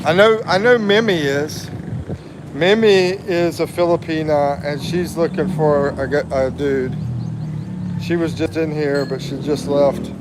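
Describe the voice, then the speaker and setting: A man's voice: a little high, steady tone, a little slow, noisy background. A man in his fifties from the USA, hosting a casual livestream, reading viewer comments aloud and laughing often. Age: 50s. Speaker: livestream host.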